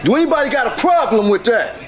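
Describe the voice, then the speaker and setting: Sassy flamboyant cook, defiant, brassy, swooping lively pitch, loud music underneath. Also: male voice, fast talker, crowd noise. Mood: defiant sass. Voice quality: bold, brassy, defiant delivery. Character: sassy flamboyant male short-order cook, fearless. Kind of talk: TV drama acting. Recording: TV clip with loud music behind.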